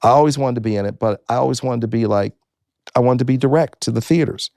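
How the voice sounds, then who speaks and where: A man's voice: mid-range voice, fast, dark tone, no echo, clean studio sound. A man in his sixties from the United States, a guest in an interview, telling his business story and repeating his key points for emphasis.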